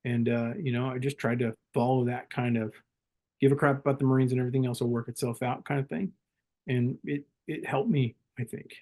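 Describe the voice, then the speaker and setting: A middle-aged man, a former Marine leader, telling stories in a calm and reflective way as a podcast guest. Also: medium pitch, a little fast. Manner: calm, reflective, laughs easily. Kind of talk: casual interview storytelling.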